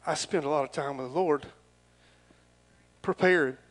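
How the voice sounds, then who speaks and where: Preacher man, middle-aged, rambly and emotional sermon, kinda high voice. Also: measured pace, poor audio. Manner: folksy, rambling, emotional and earnest. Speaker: pastor.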